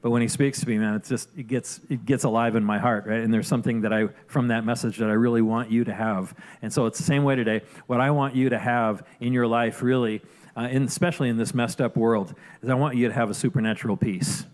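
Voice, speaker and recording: Male pastor, sermon, chatty and relaxed delivery, mid-pitched voice, lots of restarts. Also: fast. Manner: conversational, frequent "right?" asides and restarts.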